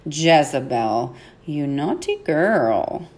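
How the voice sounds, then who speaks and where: A woman hosts a podcast and retells a Bible story with playful drama, slipping into the characters' voices and laughing at her own asides. Her pitch swings widely and her delivery stays animated throughout. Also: very slow, background noise. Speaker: podcast host.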